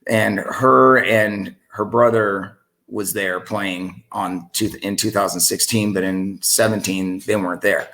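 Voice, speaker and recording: A middle-aged man, a singer, telling a story in a casual podcast interview, lively and acting out the voices in it. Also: fairly low pitch, unhurried, hardly any pauses. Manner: animated, acts out the voices in the story he tells. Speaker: singer and sound engineer.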